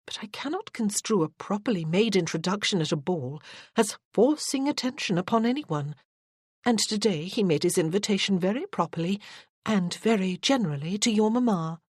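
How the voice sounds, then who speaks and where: A narrator voicing a spirited, sharp-tongued young noblewoman in an audiobook. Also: medium pitch, lively intonation, moderate pace, dry recording, studio quality, voice pushed up, natural voice. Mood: sharp reproof. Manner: crisp and reproving. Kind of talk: audiobook character voice.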